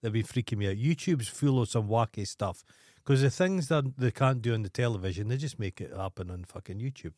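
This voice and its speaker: A man's voice: on the low side, fairly quick, dry recording, clean studio sound. A Scottish man co-hosting a podcast, telling stories in casual chat and acting out the people in them. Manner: animated, acts out the people in his stories. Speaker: podcast co-host.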